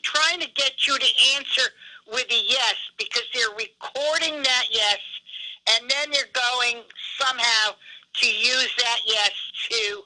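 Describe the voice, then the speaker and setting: A woman's voice: on the high side, a little slow, sharp tone. A woman calling in by phone, angrily telling a profane story about scam calls. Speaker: caller. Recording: phone line.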